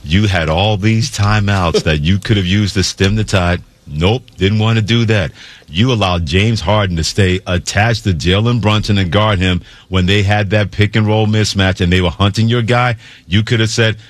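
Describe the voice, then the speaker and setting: A man's voice: lowish voice, normal speed, dry recording. A man hosting sports talk radio, telling stories theatrically and delivering sarcastic critique into a studio microphone.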